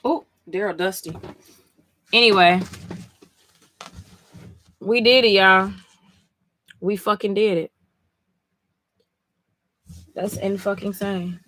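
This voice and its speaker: Tired, excitable woman live-streamer. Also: medium pitch, slow pace, long pauses. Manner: excitable, profane, emotional. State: tired after a long stream. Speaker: live-stream comic reader. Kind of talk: casual live-stream chat.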